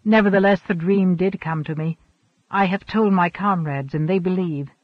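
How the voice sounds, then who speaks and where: A man's voice: high voice, normal speed, dry recording. A man doing a bold boastful hunt leader. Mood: placating. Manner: loud, emphatic, defiant. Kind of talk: audiobook character reading. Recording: dull, dry recording.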